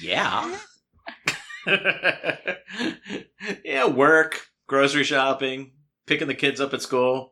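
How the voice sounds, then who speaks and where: Giggly joking man with a lively voice. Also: medium pitch, takes it slowly, long pauses. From Pennsylvania, USA. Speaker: podcast co-host. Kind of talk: casual chat. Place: home dining room. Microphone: two hosts sharing one microphone.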